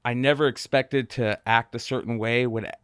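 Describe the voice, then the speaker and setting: A man as a podcast guest in casual chat, speaking haltingly with many fillers and restarts. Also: medium pitch, fairly even intonation, fairly bright tone, smooth, no room sound, studio quality.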